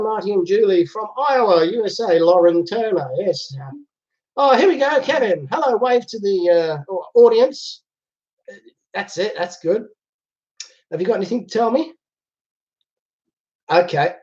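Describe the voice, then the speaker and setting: A man's voice: high-pitched, a little mellow. A man hosting a casual live chat from home, chatting and laughing easily as he reads out viewer comments. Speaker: livestream host. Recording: dull lo-fi livestream audio.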